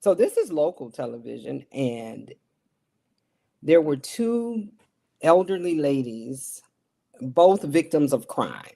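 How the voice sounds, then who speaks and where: A woman's voice: deep voice, very animated, takes it slowly, vocal fry, pauses often, mellow. Earnest middle-aged woman broadcaster. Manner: earnest, emphatic, repeats key phrases. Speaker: TV broadcast journalist and guest. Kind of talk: interview conversation.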